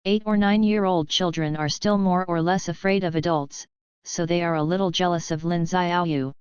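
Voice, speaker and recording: Woman narrator, steady audiobook read, smooth lower voice, dry muffled recording. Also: normal speed, no room sound.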